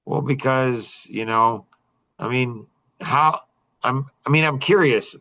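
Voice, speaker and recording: A man's voice: mid-range voice, takes it slowly, bright, forceful tone. Rambling middle-aged man mentoring a group. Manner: rambling, many restarts and fillers. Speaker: mentor leading a young men's group. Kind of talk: casual group talk.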